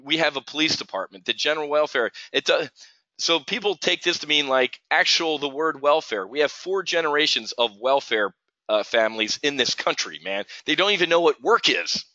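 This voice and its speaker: A middle-aged man hosting a live trading stream speaks on the high side, expressive and sharp, at a normal speed. His heated casual rant is riddled with stumbles and restarts, and the dull, dry lo-fi audio carries no room sound.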